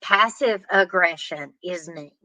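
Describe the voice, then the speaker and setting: A woman's voice: on the low side, slow, pushed and bright, dry recording, low-quality recording. A woman giving earnest, plain-spoken relationship advice, acting out example conversations. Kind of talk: direct-to-camera advice talk.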